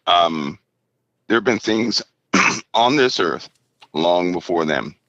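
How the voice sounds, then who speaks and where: A man guest on a remote call, speaking haltingly and checking in with "right?" as he goes. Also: low-pitched, expressive, a bit bright, no echo, lo-fi sound. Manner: halting, tags lines with "right?". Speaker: interview guest. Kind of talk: casual interview.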